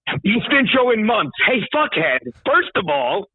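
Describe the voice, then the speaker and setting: Profane, husky-voiced man ranting over the phone. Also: high voice, sing-song, measured pace, no echo. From New York. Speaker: guest. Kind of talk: casual talk show banter. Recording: tinny phone line.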